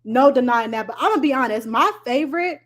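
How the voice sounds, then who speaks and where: Woman, high voice, eager casual pitch over a video call. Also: quick pace. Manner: excited, chatty, many fillers like "like". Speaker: presenter on a business call. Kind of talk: enthusiastic sales pitch. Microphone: online call.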